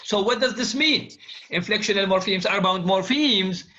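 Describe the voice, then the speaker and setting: A man's voice: sits high, normal speed, bright, forceful tone. A man lecturing on linguistics, repeating key phrases and quizzing his students. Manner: repetitive, drills students with quiz questions. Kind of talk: classroom lecture. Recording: dull lo-fi classroom recording.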